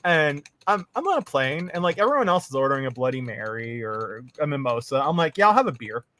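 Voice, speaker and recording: A man casually telling a funny travel story, animated, putting on higher voices for the people he quotes. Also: fairly quick. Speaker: podcast co-host.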